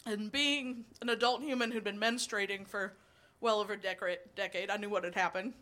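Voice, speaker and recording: A woman's voice: medium pitch, fairly even intonation, fairly quick, bright, forceful tone. A woman in her twenties performing a stand-up comedy set, telling blunt, profane stories, chuckling between lines and rambling with fillers when she loses her place.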